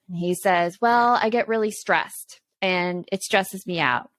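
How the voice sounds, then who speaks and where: A woman's voice: mid-range voice, unhurried, few pauses, a bit bright, no echo. An earnest woman co-hosts a casual parenting podcast, walking through tips with stories from home. Her voice sits in a middle register. The sound is close and dry. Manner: earnest, explains with examples from home. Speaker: podcast co-host.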